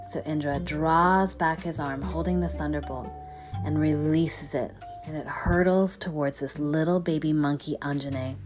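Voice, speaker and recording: Low-voiced woman telling a myth. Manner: expressive, drops to whispers. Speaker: storyteller. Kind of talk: dramatic storytelling. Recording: guitar music behind.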